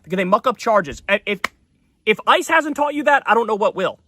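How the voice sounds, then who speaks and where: A man's voice: high-pitched, lively intonation, brisk, sharp tone, slight background noise. A man hosting a political commentary show, ranting heatedly with profanity and repeated emphatic phrases.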